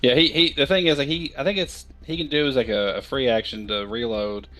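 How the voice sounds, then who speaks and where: Man, game master, tabletop stream host, upbeat, introduces each player, mid pitch. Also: steady tone, fairly quick, fairly bright tone.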